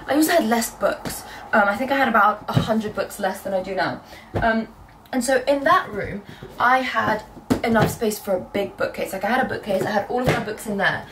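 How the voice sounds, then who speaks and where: A young woman from Britain chatting casually in a book vlog from her bedroom, telling stories in a lively, animated way. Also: a little high, distant mic, noisy background. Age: young adult. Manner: chatty, quick and animated storytelling. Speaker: book vlogger. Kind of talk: casual chat.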